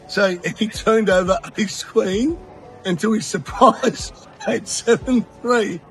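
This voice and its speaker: A man with a high voice tells a poker hand with lively energy and frequent laughs. Faint music plays under him. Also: slow pace. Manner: animated storyteller, laughs often. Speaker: poker player telling a story. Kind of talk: casual anecdote. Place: poker tournament venue.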